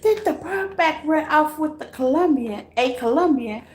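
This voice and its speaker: Woman, tarot reader live-streaming to chat; high voice, unhurried delivery, laughs a lot, echoey room. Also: animated. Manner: laughs often, bursts into loud high exclamations. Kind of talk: casual live tarot reading to chat viewers.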